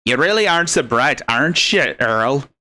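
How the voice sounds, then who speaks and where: A man's voice: medium pitch, animated, moderate pace, bright, forceful tone. A man hosting a live commentary show, talking in a sarcastic, scornful and rambling way. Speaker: commentary host.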